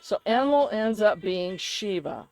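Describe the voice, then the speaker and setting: A woman co-hosting a loose, casual podcast conversation. She rambles from thought to thought in an animated way and laughs often. Her voice sits at an ordinary middle pitch. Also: a little slow, low-quality recording. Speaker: podcast co-host. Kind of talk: casual chat.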